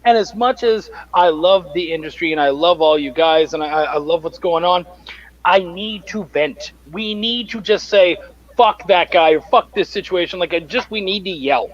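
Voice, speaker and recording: A man's voice: high-pitched, normal speed, no room sound, muffled recording. A man chatting on an online panel, candid and laughing, swearing freely. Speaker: comic creator panelist. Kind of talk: casual panel chat.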